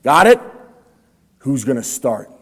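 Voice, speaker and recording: Slangy motivational speaker in a reverberant hall. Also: male voice, medium pitch, big pitch swings, slow pace, breathy edge. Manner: casual slangy, quizzes the audience. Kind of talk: motivational talk to students. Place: school room with students.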